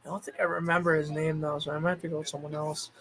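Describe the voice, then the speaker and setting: A male streamer with a notably high voice talks casually to his chat. He thinks out loud as he goes and now and then breaks into excited outbursts. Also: rapid-fire, creaky, slight background noise, low-quality recording. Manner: chatty, thinks aloud, bursts of excitement. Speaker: streamer host.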